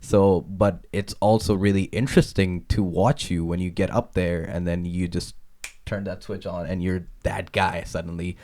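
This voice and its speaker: A man hosting a casual podcast interview, eager and quick to laugh, asking long, rambling questions. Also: deep voice, little pitch movement, darkish tone. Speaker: podcast host.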